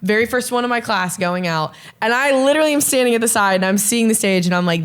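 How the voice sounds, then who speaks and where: A young woman spins a rambling story in casual podcast chat, sprinkling every sentence with "like" and the odd swear word. Her pitch sits in a plain middle range for a woman. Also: expressive, fast talker, hardly any pauses, clean tone. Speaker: podcast co-host.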